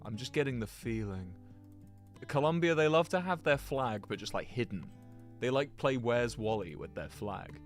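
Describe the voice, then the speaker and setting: A man's voice: medium pitch, animated, normal speed, faint music behind. A man giving rambling, chatty commentary to his viewers while he plays a geography game, laughing often. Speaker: streamer.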